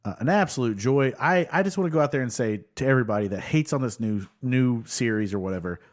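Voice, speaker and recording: A man hosting a podcast in casual chat, animated and profane, rambling with lots of fillers. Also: mid-range voice, quick pace. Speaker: podcast host.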